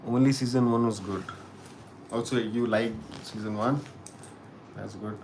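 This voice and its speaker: Host: man, lower voice, relaxed stream chat, restarts a lot as he thinks. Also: a little hiss or hum. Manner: halting and musing, with frequent restarts. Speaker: host of a live chat show. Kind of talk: casual live-stream chat answering viewer comments.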